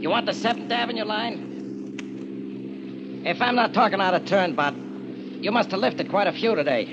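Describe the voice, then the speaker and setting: Mouthy cabbie, high lively voice, hissy dull old radio sound. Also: male voice, normal speed. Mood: wisecracking. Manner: brash, wisecracking. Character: wisecracking impatient male New York cabbie. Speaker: cab driver. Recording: lo-fi old radio with loud hiss.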